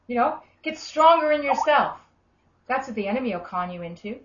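A woman with an Australian accent preaching a sermon, telling stories in a chatty, animated way. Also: on the high side, a little fast. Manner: conversational, animated storytelling with acted quotes. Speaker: minister. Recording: echoey room, dull lo-fi sound.

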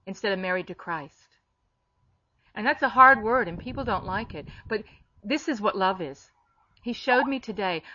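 A fairly high-voiced woman delivers a sermon, blunt and emphatic, with sudden sharp lifts when she voices others. The recording is dull and lo-fi, with a dry, close sound and no room around it. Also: dry recording. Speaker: preacher. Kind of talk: sermon-style teaching.

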